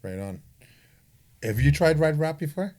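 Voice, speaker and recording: A man's voice: fairly high pitch, big pitch swings, a little slow, a little mellow. A man hosting a podcast, casual and joking, tossing in sponsor plugs. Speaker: podcast host. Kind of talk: casual chat.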